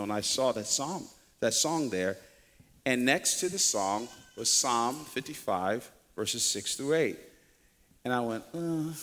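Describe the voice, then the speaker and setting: A male preacher giving an emphatic, animated sermon, swinging between quiet and loud and often repeating words. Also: mid-range voice, a little hiss or hum. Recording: long reverb of a large hall.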